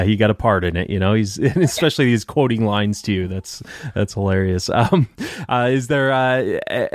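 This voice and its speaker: A man hosting a casual interview, talking haltingly with many fillers and restarts. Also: on the low side, no room sound, clean studio sound. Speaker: podcast host.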